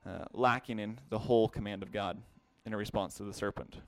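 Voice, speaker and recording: A man teaching a Bible class, explaining word meanings slowly and repeating key phrases for emphasis. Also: lowish voice, fairly even intonation, gravelly. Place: classroom with a whiteboard.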